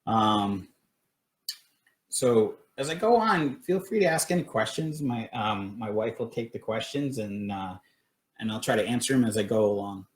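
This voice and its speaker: A middle-aged man telling his own ghost stories on a live stream, halting, with many fillers and restarts. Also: fairly low pitch, expressive. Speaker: paranormal investigator telling his experiences. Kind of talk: casual storytelling on a live stream. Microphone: phone or webcam. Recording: echoey room.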